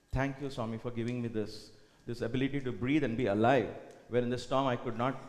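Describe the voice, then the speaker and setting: Guy giving a spiritual retreat talk, thoughtful, goes quiet a lot, big echoey hall with long reverb. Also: mid-range voice. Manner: reflective, often dropping to a soft hush. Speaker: retreat speaker.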